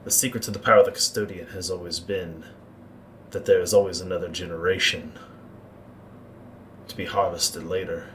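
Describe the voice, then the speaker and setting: A deep, grave court Maester, as a man puts him on, weighing every word with slow, ominous pauses. He is cold and scheming, and there is a faint hiss of noise behind him in this tabletop game. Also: steady tone, recorded from a distance, natural voice, rough recording. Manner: measured, ominous, deliberate pauses.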